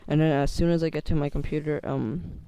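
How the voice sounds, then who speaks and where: Teen guy rambling in a vlog, lots of ums, gravelly and kinda mellow, voice cracks. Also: a little high, fairly even intonation, brisk, no echo. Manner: hesitant, many fillers and restarts. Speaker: YouTuber. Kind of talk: casual vlog monologue.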